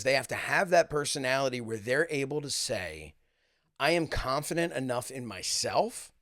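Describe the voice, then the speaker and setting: A man's voice: mid-range voice, fairly bright tone, no room sound, clean studio sound. Boastful man confiding on a podcast. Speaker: podcast co-host and wrestling manager. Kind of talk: casual podcast chat.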